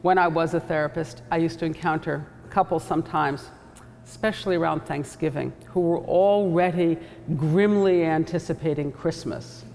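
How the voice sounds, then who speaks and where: A woman author with a measured, thoughtful delivery, reading from her novel and reflecting on it. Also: low voice, gravelly, a little mellow. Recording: echoey hall, faint background noise.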